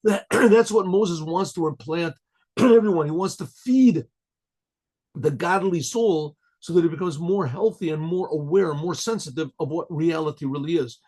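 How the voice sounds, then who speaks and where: A man, a rabbi, teaching a Torah class in a conversational sermon style, often clearing his throat and translating Hebrew phrases as he goes. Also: a little high, moderate pace, dark tone.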